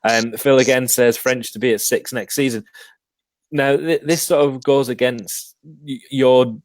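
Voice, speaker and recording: A man's voice: mid-range voice, steady tone, a little slow, dry recording. A man hosting a casual sports podcast, reading viewer comments aloud and hesitating often with ums. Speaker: podcast host.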